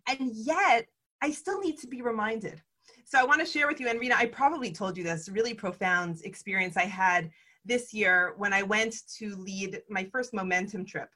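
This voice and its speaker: Husky bright woman telling a story. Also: mid-range voice, moderate pace. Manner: animated, acts out dialogue, frequent "like". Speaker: host. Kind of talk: casual conversational storytelling.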